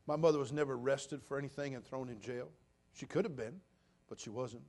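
A pastor in his sixties preaching a sermon, swinging between loud bursts and quiet, low asides. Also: fairly quick. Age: 60s.

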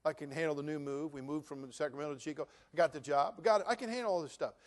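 High-voiced man in his sixties preaching. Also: rapid-fire. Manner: humorous storytelling, building to loud preaching. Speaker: pastor. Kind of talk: sermon.

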